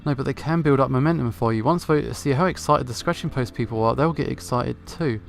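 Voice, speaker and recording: A man's voice: mid-range voice, quick pace, creaky, soft background music, lightly acted. A man voicing an upbeat female cat campaign manager, reading her lines in a chipper, encouraging way in his own voice. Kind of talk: visual novel voice-over reading.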